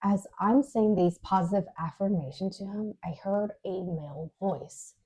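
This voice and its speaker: A woman's voice: medium pitch, moderate pace, warm tone, breathy edge. A woman co-hosting a podcast, recounting a dream in a chatty, casual way with lots of fillers. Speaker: podcast co-host. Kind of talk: casual storytelling.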